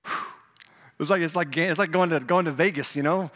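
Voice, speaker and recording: A man preaching with a high, bright, forceful voice. He talks to the congregation casually, then drops to a hush before surging loud again, and his voice rings out in a long hall reverb. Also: brisk. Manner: animated, conversational, swings between loud and hushed. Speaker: pastor. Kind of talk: sermon.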